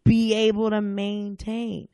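A woman's voice: medium pitch, takes it slowly, dry recording. Blunt, profane woman from the South. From American South. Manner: blunt, profane, animated storytelling. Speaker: podcast guest, comedian. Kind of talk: casual chat.

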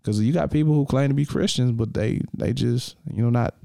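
Young male podcast co-host, relaxed chatty delivery, warm low-key tone, dry sound. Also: fairly quick, gravelly, no room sound. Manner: laid-back, laughs often, says man and bro a lot. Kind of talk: casual chat.

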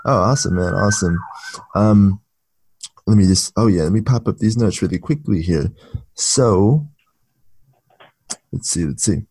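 Laid-back deep-voiced male podcast host. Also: unhurried, long pauses, darkish tone, husky, no echo. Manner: laid-back, chatty with many fillers. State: morning voice. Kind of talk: casual interview chat.

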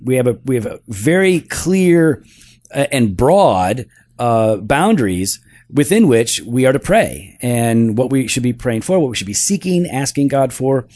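A man's voice: medium pitch, very animated, unhurried, darkish tone, no echo. A man co-hosting a casual podcast, teaching theology step by step and checking in with "right?" as he goes, with a dry, teasing humor. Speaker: podcast co-host.

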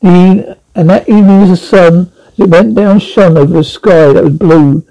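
A man reading a classic animal novel aloud, halting now and then with slips and restarts. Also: sits high, fairly even intonation, dark tone, muffled recording. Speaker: audiobook reader. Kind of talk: storybook narration.

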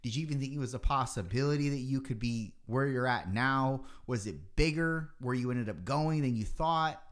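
A man's voice: mid-range voice, normal speed. A man hosting a podcast, asking long, rambling, reflective questions in casual talk. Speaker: podcast host. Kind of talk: casual interview.

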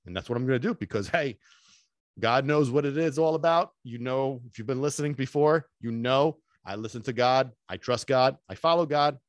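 A man hosting a solo podcast as a dog trainer, talking in an excitable, emphatic way and dropping in Sicilian phrases and casual swearing. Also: mid-range voice, moderate pace, no room sound, studio quality. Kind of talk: energetic solo podcast talk.

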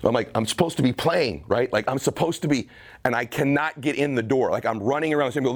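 A man's voice: mid-range voice, quick pace. A man in his forties from the United States giving an intense motivational speech to a college team, building to emphatic urging. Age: 40s. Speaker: motivational speaker.

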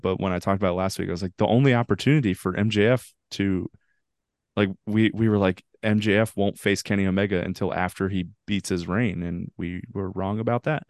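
A man co-hosts a casual wrestling podcast, joking loosely and moving the talk along from one segment to the next. His voice is fairly low. The recording is close and dry. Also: no echo. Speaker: podcast co-host.

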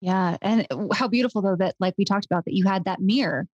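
A woman's voice: mid-range voice, fast talker, darkish tone, no room sound, dull audio. A woman hosting a podcast, speaking in a reflective, earnest conversational way. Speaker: podcast host. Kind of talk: conversational interview.

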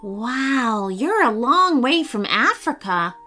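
A young boy speaks slowly, full of wonder, in a raised, gentle voice. A woman reader puts him on for a storybook. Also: fairly high pitch, big pitch swings, faint music behind, full character voice. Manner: wondering, questioning.

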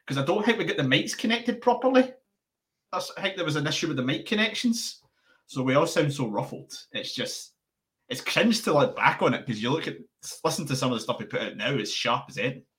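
Young man, bright tone, guest in a relaxed interview chat, rambles animatedly. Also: fairly high pitch, brisk. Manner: rambling, restarts often, animated. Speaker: podcast founder.

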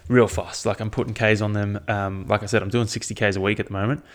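A man's voice: lowish voice, flat delivery, fast. A young Australian man hosting a solo podcast, rambling and swearing often, sounding tired. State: tired, yawning. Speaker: podcast host. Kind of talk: casual solo podcast chat.

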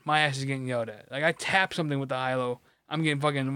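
A young man co-hosting a casual podcast, ranting about work in a profane, animated way. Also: medium pitch, fast talker, few pauses, clear, resonant tone, dry recording, clean studio sound. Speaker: podcast co-host. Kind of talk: casual chat.

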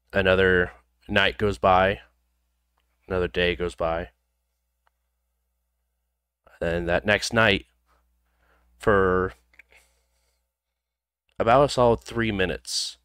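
A man narrating a tabletop role-playing game as game master, in a loose, relaxed delivery full of ums and pauses. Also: low voice, clear, resonant tone. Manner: loose, filler-heavy narration with frequent ums.

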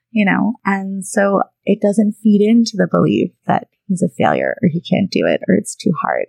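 A woman's voice: mid-range voice, sing-song, normal speed, vocal fry, few pauses, darkish tone, no echo, poor audio. A woman in her thirties, a therapist hosting her own podcast, talking conversationally with frequent "right?" and "you know" asides. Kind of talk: casual monologue.

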